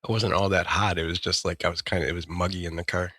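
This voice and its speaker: A man's voice: low voice, level tone, quick pace, sharp tone, slightly rough, dry recording, studio quality. A man, co-hosting a casual podcast with wry quips. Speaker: podcast co-host. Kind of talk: casual chat.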